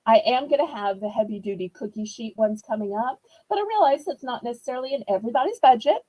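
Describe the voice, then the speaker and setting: Southern woman, online auction host, mellow tone, very expressive pitch, chatty and upbeat. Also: fast, hardly any pauses, poor audio. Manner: chatty, upbeat, playfully sings prices. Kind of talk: live home shopping sale.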